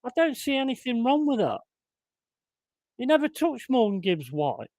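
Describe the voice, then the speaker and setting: A man's voice: sits high, lively intonation, normal speed, darkish tone, dry recording. A man hosting a fan watchalong, calling the match and bursting into swearing, exasperated rants. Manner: swearing, exasperated ranting outbursts. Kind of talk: live match commentary and chat.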